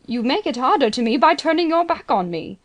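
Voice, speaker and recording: A woman voicing an anxious, proud older male banker, speaking in a hurried, pleading way. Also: mid-range voice, animated.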